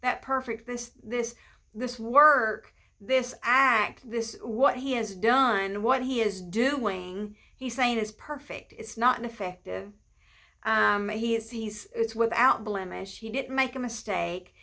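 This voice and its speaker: Bright-voiced woman giving a devotional. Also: fairly high pitch, takes it slowly. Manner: conversational, repeats phrases for emphasis, frequent ums. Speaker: pastor's wife giving a devotional. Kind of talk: informal devotional teaching.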